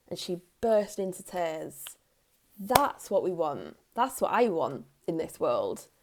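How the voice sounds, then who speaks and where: A woman in her thirties, a parenting coach, giving earnest advice straight to the camera in a soft tone, repeating key phrases for emphasis. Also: mid-range voice. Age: 30s. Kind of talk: direct-to-camera advice talk.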